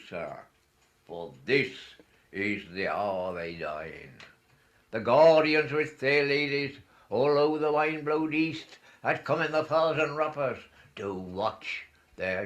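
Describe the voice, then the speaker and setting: A man giving a dramatic recitation of a poem, declaiming with sharp swings in loudness. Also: mid-range voice. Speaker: speaker at an online folk song forum.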